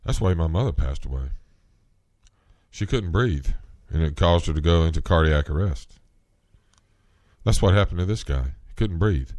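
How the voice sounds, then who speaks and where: A man hosting a solo podcast, talking in an earnest, rambling way, getting worked up and rising in pitch at times. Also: lively intonation, moderate pace, pauses often, darkish tone, dry recording. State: coughing, clearing throat. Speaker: podcast host.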